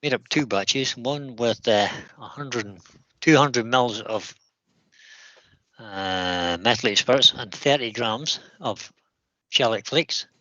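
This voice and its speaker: A man's voice: medium pitch, slow, bright, forceful tone, no room sound, muffled recording. Jokey man co-hosting a stream. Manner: jokey, reads viewer comments. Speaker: co-host. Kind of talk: livestream chat.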